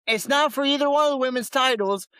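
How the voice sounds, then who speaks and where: A man talks wrestling on a casual podcast, relaxed and unhurried, stumbling over and repeating his words. His voice is clean and smooth. It sounds dry and close to the mic. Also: very high-pitched, no echo. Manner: laid-back, loose, repeats words. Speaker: podcast co-host.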